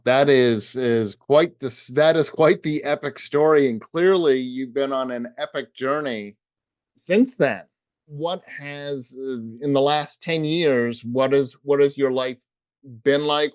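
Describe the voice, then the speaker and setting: A man hosting a podcast, asking hesitant, halting questions. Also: medium pitch, smooth, no room sound. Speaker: podcast host. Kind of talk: interview questions.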